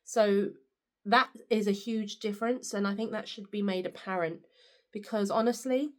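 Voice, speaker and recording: A woman's voice: mid-range voice, normal speed. A young woman giving a candid, upbeat personal testimonial and often turning to the listener with asides. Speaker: patient sharing her experience. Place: indoors at home.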